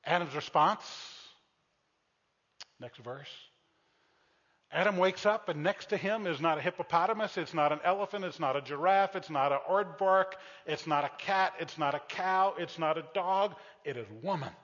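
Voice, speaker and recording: A man preaching a sermon, telling a story with animated, shouted exclamations and dropping to a soft tone for heartfelt appeals. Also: a little high, moderate pace, long reverb tail, dull audio. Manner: drops to a soft, intimate tone for appeals. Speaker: pastor.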